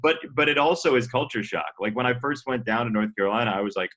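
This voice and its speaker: A man who works as a sports broadcaster, a podcast guest chatting on a video call and telling lively stories, acting out the voices of people he quotes. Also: mid-range voice, fast talker. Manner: animated, acts out quotes in storytelling. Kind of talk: casual chat.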